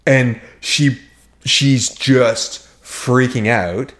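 A man's voice: medium pitch, fairly even intonation, drawn-out words, fairly bright tone. A man co-hosting a podcast, telling rambling, profane stories in casual chat with many restarts. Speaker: podcast co-host.

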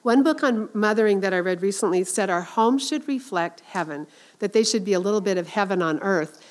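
A woman's voice: medium pitch, a little fast. A middle-aged woman giving an informal Christian talk to women, earnest and chatty, with many fillers and restarts.

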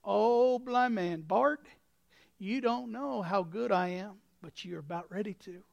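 A male pastor voicing Jesus as a gentle, reassuring man in a sermon retelling. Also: high-pitched, unhurried, vocal fry, no room sound, highs cut off. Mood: tender.

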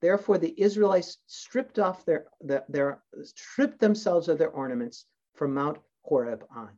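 A man reading scripture aloud and explaining it in a reflective sermon, pausing often with fillers and restarts. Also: on the high side, animated, mellow, dull audio. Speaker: Bible teacher.

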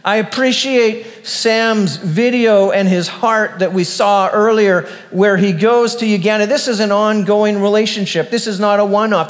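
A man preaching a sermon as pastor, emphatic and repetitive, often restarting his phrases. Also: sits high. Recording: long hall reverb.

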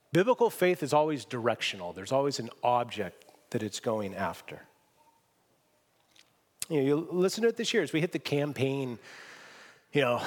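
A man's voice: mid-range voice, long reverb tail. A man preaching a sermon as pastor, emphatic and self-deprecating as he tells a story to his church. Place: church sanctuary.

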